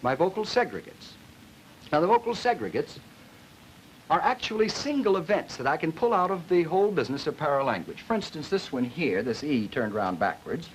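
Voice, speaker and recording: Man lecturing on old film, lively pitch. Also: rough recording. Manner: demonstrates sounds and drawls while explaining. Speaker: linguistics lecturer. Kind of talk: classroom lecture with spoken demonstrations. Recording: old film soundtrack with faint hiss.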